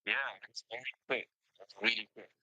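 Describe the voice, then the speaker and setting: A man answers in brief, low-key replies. His voice sits on the low side, with a very bright, sharp edge. The sound is dry. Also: steady tone, a little fast, dry recording, rough recording. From London. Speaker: student on a call.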